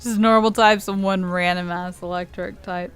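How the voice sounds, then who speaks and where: A woman's voice: mid-range voice, fairly even intonation, normal speed, clear, resonant tone, faint music behind. A young woman giving casual, rambling video game commentary, laughing often and swearing freely. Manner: giggly, rambling, swears a lot. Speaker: gaming YouTuber.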